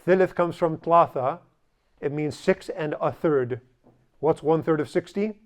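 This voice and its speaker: Male teacher, slightly higher pitch, blunt and joking, running a class and drilling repetition. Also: unhurried. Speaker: language teacher. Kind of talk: classroom lesson.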